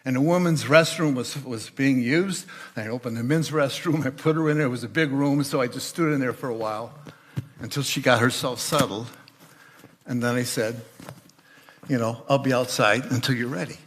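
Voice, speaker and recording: An older man giving a storytelling sermon as a guest speaker in church, sometimes voicing the people in his stories loudly. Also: medium pitch, normal speed. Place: church sanctuary.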